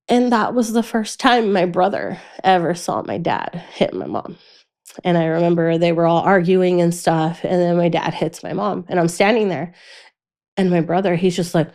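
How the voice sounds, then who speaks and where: A young woman guest on a podcast, her voice lowish, recounts a painful episode from her life with candor. She often stops mid-thought, begins again, and goes silent at the most difficult moments.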